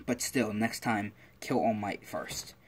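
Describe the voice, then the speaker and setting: A man's voice: lowish voice, takes it slowly, a little hiss or hum. A man voicing a bossy, irritable young male villain leader who talks in a snappy, scolding way.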